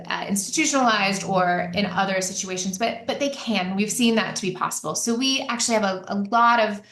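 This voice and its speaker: Speaking in a medium, slightly bright pitch, a woman presents a conversational webinar. Her delivery is chatty and packed with fillers and restarts, recorded in an echoey room.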